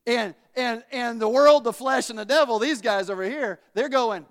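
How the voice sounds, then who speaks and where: Male preacher, high voice, animated folksy storyteller, reverberant sanctuary. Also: normal speed. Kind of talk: sermon.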